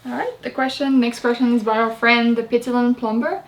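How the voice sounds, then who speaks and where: A woman's voice: a little high, fairly even intonation, fairly quick, poor audio. A woman co-hosting casually, reading out viewer questions with short amused remarks. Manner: amused, brief interjections. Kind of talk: casual chat. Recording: loud background noise.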